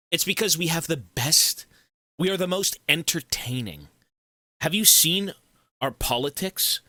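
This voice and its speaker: Male streamer, casual gaming chat, very bright tense tone, lively pitch, profane jokes. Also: dry recording. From Canada. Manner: rambling, profane, joking.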